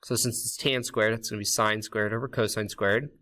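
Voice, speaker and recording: A man's voice: fairly low pitch, steady tone, brisk, bright, forceful tone. A man teaching a recorded math lesson in a casual, chatty way, with fillers, restarts and jokey asides.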